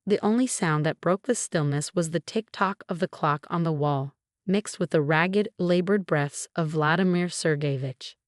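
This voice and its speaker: Female narrator, low voice, dry close mic, steady scripted read. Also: moderate pace, dry recording.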